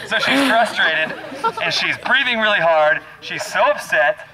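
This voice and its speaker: A man telling a long joke in an animated, chuckling way, often restarting his sentences. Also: a little high, normal speed, crowd noise, rough recording. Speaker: joke teller. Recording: loud background noise.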